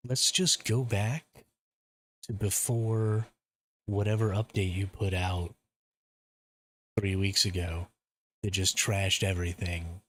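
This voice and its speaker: A man's voice: sits low, fairly even intonation, slow pace, pauses often, a bit bright. An American man streaming a survival game, ranting and swearing casually about broken updates. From United States.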